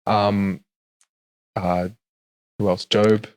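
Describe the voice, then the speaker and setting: A man with a lowish, level voice speaks very slowly and smoothly as he hosts a faith podcast. He chats hesitantly, dropping plenty of "um"s and laughing easily, and reads scripture aloud.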